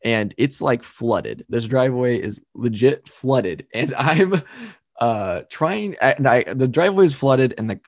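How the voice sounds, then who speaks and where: A young man co-hosting a podcast, telling stories in an animated way and laughing often. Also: mid-range voice, unhurried, no room sound, studio quality. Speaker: podcast co-host. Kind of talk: casual chat.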